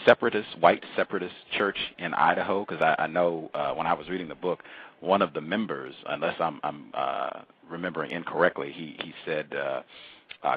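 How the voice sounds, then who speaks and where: A male talk-show host asks his questions in a halting way, circling back with fillers and restarts. His voice sits very low and husky. The sound is slightly dull, like a modest lo-fi recording. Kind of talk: interview.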